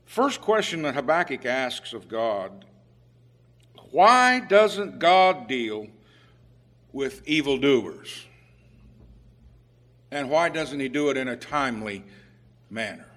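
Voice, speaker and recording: A man preaching a sermon in a conversational way, with fillers and restarts, who rises to loud, emphatic pleading when he voices the prophet's cries. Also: medium pitch, big pitch swings, takes it slowly, pauses often.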